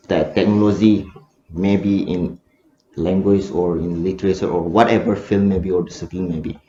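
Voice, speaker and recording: A young man giving an academic progress report, pausing to search for words and repeating himself. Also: low voice, fairly even intonation, dark tone, a little hiss or hum. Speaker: presenter. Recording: dull, echoey room recording.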